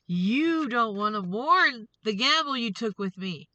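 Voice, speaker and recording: A woman's voice: a little high, lively intonation, measured pace, bright, forceful tone, dry recording, dull audio. A woman hosting a tarot reading vlog, ranting in an angry, profane, confrontational way. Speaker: tarot reader and show host.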